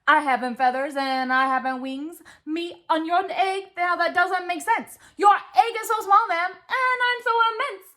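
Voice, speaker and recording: A woman's voice: very high-pitched, measured pace, few pauses, sharp tone, exaggerated voice. A woman voicing a kind, patient male elephant in a rhythmic rap-style storybook reading. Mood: reluctant.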